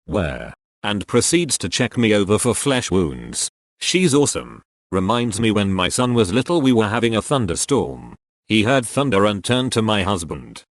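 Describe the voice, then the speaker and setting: A man with a somewhat low voice reads short anecdotes aloud one after another. His delivery is steady and matter-of-fact, with a dry, close sound. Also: moderate pace, dry recording. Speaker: narrator reading online posts.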